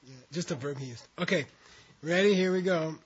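A man lecturing a classroom, leading his students through a reading one syllable at a time and stopping to explain what the words mean. His voice sits a little high for a man. The recording is muffled and lo-fi. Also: fairly quick, husky. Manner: patient, breaks words into syllables for students to repeat. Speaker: teacher. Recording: dull lo-fi recording.

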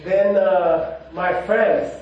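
A man with a fairly high voice gives a monk's spiritual talk. He wanders through personal stories in a loose, chatty way. He is recorded from a distance in a strongly reverberant room, with faint ambience behind him. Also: fairly even intonation, very slow, highs cut off, a little hiss or hum. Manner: rambling and conversational, many "you know"s. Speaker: monk giving a teaching. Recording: very echoey room, mic far off.

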